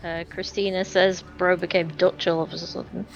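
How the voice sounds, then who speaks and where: A woman co-hosting a gaming stream who passes on viewers' messages in a dry, matter-of-fact way. Her voice sits on the lower side for a woman. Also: little pitch movement, moderate pace, highs cut off. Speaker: streamer reading chat. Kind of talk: casual gaming chat.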